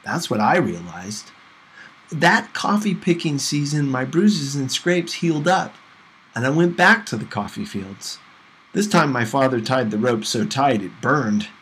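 Man narrating a novel for students, mid-range voice, steady and gentle; faint hiss behind. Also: medium pitch, low-quality recording. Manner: measured, gentle first-person narration. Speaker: audiobook reader for a class. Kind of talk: reading a novel aloud.

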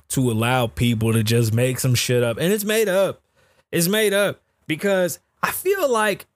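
A middle-aged man hosts a casual podcast, ranting bluntly and swearing constantly. His voice sits a little high for a man. The sound is close and dry, with no room echo. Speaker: podcast host. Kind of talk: casual profane commentary.

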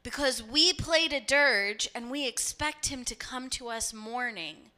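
A woman's voice: fairly high pitch, a little slow, bright, forceful tone. A woman pastor preaching a sermon, telling stories and acting out voices as she goes. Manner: storytelling, acts out voices.

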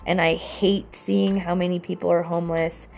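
A woman's voice: lowish voice, little pitch movement, normal speed, vocal fry, a little mellow, soft background music. A young adult woman in a casual, rambling monologue, earnest and heavy on "you know" fillers.

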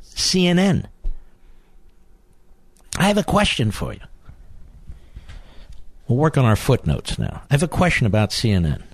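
A man's voice: a little high, no echo. A man hosting a political talk radio show, emphatic and indignant, firing rhetorical questions.

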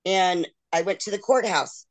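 This middle-aged interview guest has a fairly low voice and a moderate pace. She shares her long ordeal frankly and with real emotion, voicing other people's quoted lines as she goes.

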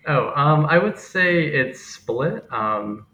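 A man's voice: on the high side, expressive, takes it slowly, sharp tone. A man guest on a podcast in casual chat, easygoing and laughing a lot. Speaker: guest, maker. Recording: roomy with background noise.

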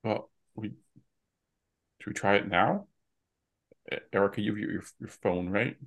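A man playing a tabletop role-playing game, describing his character's moves in halting, stumbling speech. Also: fairly low pitch, gravelly, fairly bright tone. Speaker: player.

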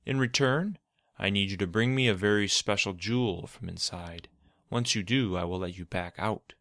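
A man's voice: on the low side, moderate pace, a bit bright, no echo, clean studio sound. A man voicing a scheming, commanding adult male figure in a storybook reading, speaking in a cool, demanding way with a faint edge of menace. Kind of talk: storybook narration.

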